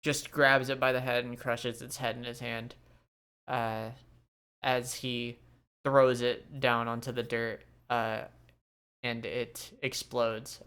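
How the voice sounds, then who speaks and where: A man's voice: mid-range voice, level tone, takes it slowly, fairly bright tone, clear, resonant tone. A man running a tabletop game as game master, laid-back and chuckling often.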